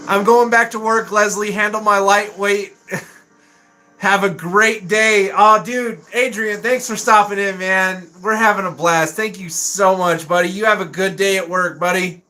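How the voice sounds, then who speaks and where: A man hosts a relaxed live stream, reading out viewer comments and breaking into frequent laughter. His voice sits high and sounds bright, and he talks at an easy, unhurried pace. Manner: laughs often, reads comments aloud. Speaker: livestream host reading chat. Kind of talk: casual live-stream chat.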